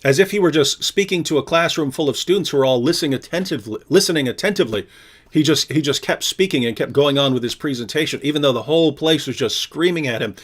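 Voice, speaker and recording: A man co-hosting a live stream, chatting casually, telling stories and teasing. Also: a little high. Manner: chatty, storytelling, quick to mock.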